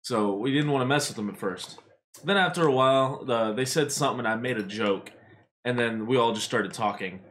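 A man hosting a podcast, telling stories in an animated, casual way with lots of swearing. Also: medium pitch, fairly quick, slight background noise. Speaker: podcast host. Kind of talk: casual storytelling.

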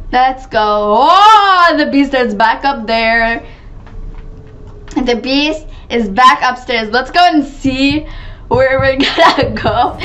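A woman playing a video game and commenting live to her viewers, chatty and excitable, gasping and shrieking when startled. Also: high-pitched. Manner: chatty, talks to viewers as "guys". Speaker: gaming channel host.

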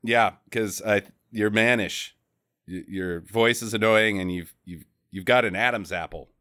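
A man's voice: on the low side, measured pace, bright, forceful tone, no echo. A blunt, crude young guy rants in disbelief, stumbling and restarting as he goes, voiced by a man in his own register. The delivery sounds plain and everyday. The sound is dry and close. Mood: ranting.

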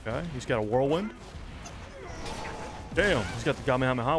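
A young man casually commentating a game as he plays, excitable and swearing, with shouted reactions. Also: mid-range voice, fairly quick. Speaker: gaming streamer. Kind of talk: let's play commentary. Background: game music.

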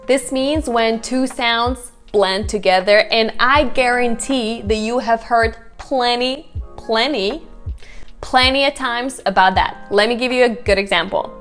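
A woman's voice: fairly high pitch, fairly bright tone, faint music behind. Woman coaching pronunciation. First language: Russian. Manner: demonstrative, repeats example words slowly. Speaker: accent coach. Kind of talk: pronunciation lesson.

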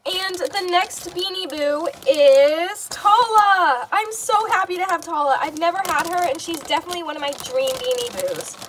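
A woman with a very high, bright voice unboxes fan mail on her vlog. She gushes and gasps with excitement, repeating how cute everything is. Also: normal speed, hardly any pauses, slight background noise. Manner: gushing, gasping, repeats "oh my gosh".

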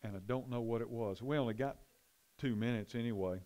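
A man's voice: mid-range voice, brisk, darkish tone. A middle-aged man, a pastor, teaching a Bible study and telling a rambling story full of restarts.

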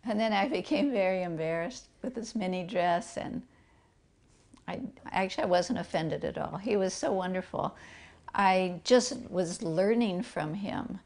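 A woman fondly recalling a personal memory, talking in a warm, reflective way. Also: lowish voice, a little slow. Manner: warm, fond, laughs softly. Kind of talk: reflective storytelling.

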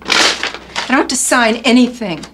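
An actress plays a sweet but clingy middle-aged mother who coaxes and sulks. Her voice sits a little high, over a faint hiss. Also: normal speed, natural voice. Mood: self-pitying. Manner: coaxing, then sulking.

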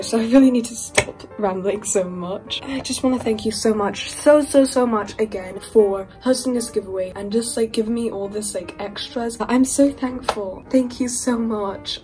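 With squeals and laughs, a young British toy collector vlogger unboxes toys in an excited, rambling, gushing chat. She has a fairly high, warm voice.

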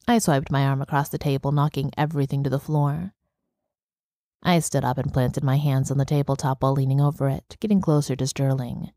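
A woman narrating a first-person audiobook in a steady storytelling manner. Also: rumbling low, moderate pace, dry recording, studio quality. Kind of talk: scripted narration.

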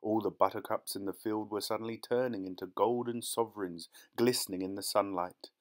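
A man narrating a story audiobook in a measured, even reading. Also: on the low side.

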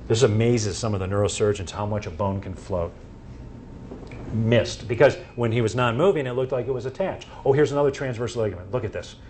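A man's voice: fairly low pitch, a little fast, darkish tone, slight background noise. A man presenting to a room, walking through cases and acting out his exchanges with patients and doctors. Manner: anecdotal, acts out quoted exchanges. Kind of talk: live medical presentation.

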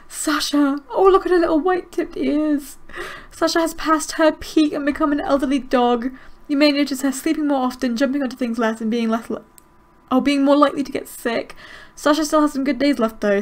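A young adult woman hosting a casual let's-play, thinking aloud and gasping excitedly as she plays. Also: high-pitched, moderate pace, faint music behind. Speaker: gaming host.

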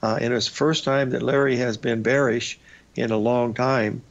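A male radio host giving casual market commentary over charts, folksy and rambling, with a raspy voice and lots of "uh" and "folks". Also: medium pitch, fairly even intonation, normal speed. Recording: slightly dull lo-fi broadcast audio.

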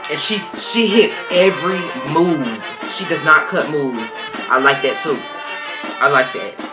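A man's voice: on the high side, measured pace. A man gives sassy, emphatic reaction commentary while reviewing a dance team's performance. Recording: voice over loud band music.

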